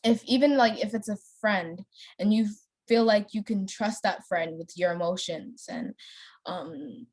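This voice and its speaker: A young woman talks in a loose, chatty way while she plays a story game. She rambles from thought to thought, fills the pauses with "um" and "like", and laughs easily at small things. Her pitch sits in an ordinary middle range. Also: darkish tone. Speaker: gameplay vlogger. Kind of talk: casual chat while playing a story game.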